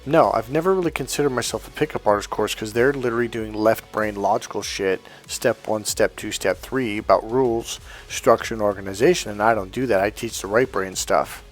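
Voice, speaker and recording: A man's voice: on the low side, a little fast, few pauses, soft background music. A man working as a dating coach, telling a story to camera in a blunt, casual way with heavy swearing.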